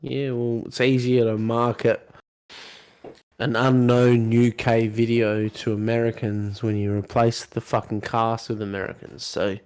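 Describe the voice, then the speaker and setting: A man's voice: mid-range voice, little pitch movement, unhurried, darkish tone, smooth. A man, chatting casually and swearing as a podcast co-host. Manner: easygoing, sweary, agreeable. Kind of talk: casual chat.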